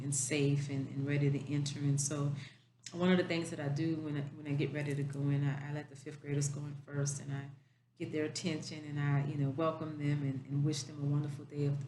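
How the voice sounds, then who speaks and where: A woman educator speaks in a casual, storytelling way, leaning on "you know" and "um" as she goes. Her voice sits a little low. The recording has a roomy echo around it. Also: little pitch movement, fairly quick, background noise. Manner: conversational storytelling with many fillers. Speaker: school educator. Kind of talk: casual spoken message.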